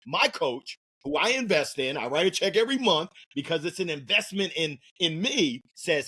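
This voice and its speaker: Husky-voiced man giving a hyped pep talk. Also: on the high side, moderate pace, hardly any pauses. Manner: energetic hype-man delivery, exhorting listeners directly; repeats phrases for emphasis, punchy chant-like calls. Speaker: guest, motivational speaker and sales leader. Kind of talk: podcast interview, motivational speaking.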